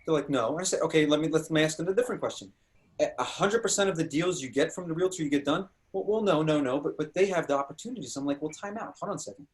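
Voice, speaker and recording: A man with a fairly high voice talks fast as he hosts a panel discussion. He tells stories with energy and acts out quoted dialogue in an animated way.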